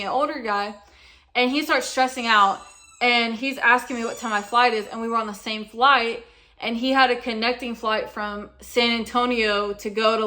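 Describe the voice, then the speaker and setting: A woman's voice: fairly high pitch, bright, forceful tone. A young woman vlogger telling a storytime in a casual, chatty way, often saying "like" and "right?".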